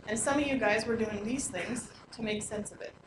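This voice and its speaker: A woman leading a teacher workshop, lively and quizzing the audience with questions in a large room. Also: a little high, normal speed. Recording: echoey room, noisy live recording.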